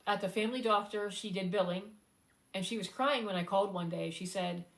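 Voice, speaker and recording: A woman speaks on her own live stream in a loose, conversational way. She is heartfelt and close to tears, often stopping on fillers to steady herself and find her words. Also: medium pitch, low-quality recording. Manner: heartfelt, halting, many fillers, fighting back tears. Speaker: singer-songwriter hosting a live stream. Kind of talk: casual live-stream talk.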